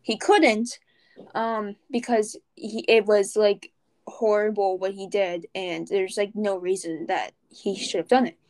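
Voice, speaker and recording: A woman's voice: mid-range voice, steady tone, measured pace, a little mellow, low-quality recording. A teenage girl co-hosting a casual podcast, rambling with lots of fillers and laughs. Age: teens. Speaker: podcast co-host. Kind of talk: casual chat.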